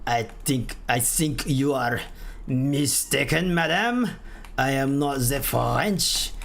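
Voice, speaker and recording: A man putting on a slow New Orleans Creole gent. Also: mid-range voice, gravelly, fairly bright tone. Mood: mock offended. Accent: put-on New Orleans Creole. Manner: slow, theatrical, mock-formal. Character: suave New Orleans Creole gentleman, proud.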